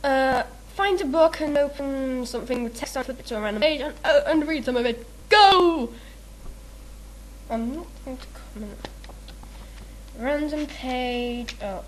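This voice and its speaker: A woman's voice: fairly high pitch, slight background noise. Giggly, rambling young woman. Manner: rambling, giggly, self-mocking, lots of fillers. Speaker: video maker answering a meme questionnaire. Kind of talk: casual chat.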